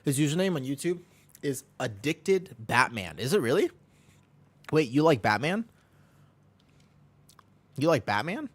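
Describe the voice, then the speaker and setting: Midwestern male streamer, mid-pitched, jokey and upbeat, dry close mic. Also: sing-song, measured pace, long pauses, no room sound. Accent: American Midwestern. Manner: upbeat, joking, often laughing, chatting with viewers. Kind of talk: casual live-stream chat while gaming.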